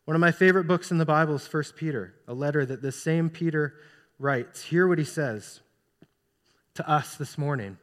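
A man preaching from the pulpit with a high-pitched voice, earnestly pressing rhetorical questions on the congregation. His words ring out with the long reverb of a large hall. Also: normal speed. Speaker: pastor. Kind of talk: sermon. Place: church sanctuary.

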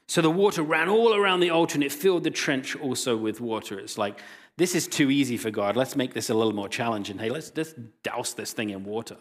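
A man delivering a sermon in a mid-range voice. He moves between retelling a scripture story with animated quoted lines and reading the passage aloud. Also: mid-range voice, brisk. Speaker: pastor.

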